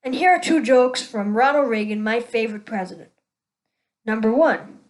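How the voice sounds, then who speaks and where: A woman's voice: a little high, lively intonation, moderate pace, poor audio. A woman hosting her own show, telling a string of jokes and laughing at her own punchlines. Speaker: show host.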